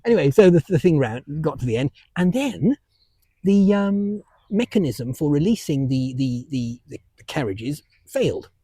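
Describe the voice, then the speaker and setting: Lively, husky older British man. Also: a little high, normal speed, no echo. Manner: chatty storyteller with frequent restarts and chuckles. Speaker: podcast co-host. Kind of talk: casual chat.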